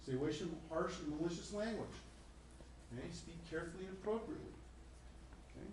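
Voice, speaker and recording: A middle-aged man lecturing a college class in a conversational way, repeating himself and acting out quick voices. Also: on the high side, darkish tone. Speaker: professor. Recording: echoey classroom with faint noise.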